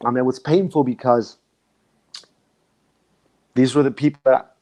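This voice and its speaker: In a casual chat, a guest who teaches dance looks back on his past with reflective emotion, frequently starting his sentences over. His mid-range voice is mellow and steady, at a moderate pace.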